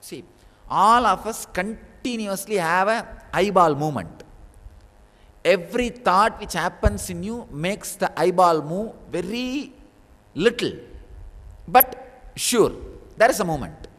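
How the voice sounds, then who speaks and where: A man delivers a spiritual discourse in a storytelling way, with sudden bursts of emphasis. His voice sits high and swings widely in pitch. A long reverb from the large hall trails every phrase. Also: expressive, unhurried, pauses often, fairly bright tone. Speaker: spiritual teacher.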